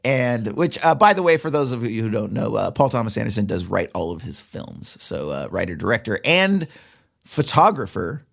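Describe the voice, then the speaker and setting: A man co-hosting a film podcast, recapping the plot at length in a relaxed, casual chat. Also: on the low side, normal speed, gravelly. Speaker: podcast co-host.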